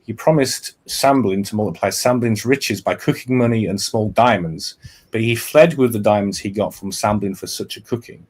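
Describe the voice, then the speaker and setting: A man with a somewhat low voice hosts a podcast and retells a historical intrigue in a loose, casual way. He reads from notes and often breaks off to restart or fix a phrase before he carries on. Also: moderate pace, breathy edge. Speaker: podcast host. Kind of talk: casual explanatory talk, reading from notes.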